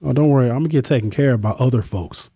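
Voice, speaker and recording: A man's voice: medium pitch, very fast, dark tone, slightly rough, dry recording, studio quality. A man hosting a call-in talk show in a chatty, joking way. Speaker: radio talk show host. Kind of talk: casual call-in show chat.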